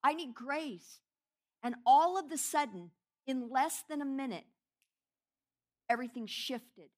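A woman's voice: sits high, animated, measured pace, a little mellow. A middle-aged woman preaching a sermon, giving an emotional testimony that swells into fervent preaching.

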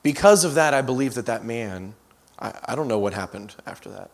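A man's voice: fairly low pitch, fairly quick, creaky. Male guest preacher, anecdote-heavy sermon, self-correcting asides, long hall reverb. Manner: storyteller with frequent restarts and asides. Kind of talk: storytelling sermon.

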